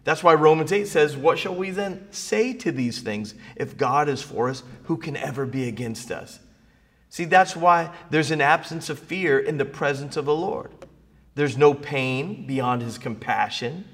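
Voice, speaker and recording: A man's voice: fairly high pitch, animated, a little slow, fairly bright tone, big-room sound. A man preaching a sermon, building emphasis through repeated phrases. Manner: preaching with rising emphasis and repetition. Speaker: pastor.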